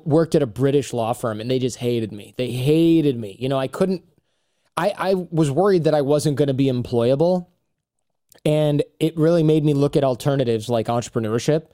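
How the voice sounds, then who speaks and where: A man in his thirties, guesting on a podcast, chats casually in an interview and animatedly acts out quotes while telling stories. His medium-pitched voice is clear and resonant, recorded in a clean studio with no echo.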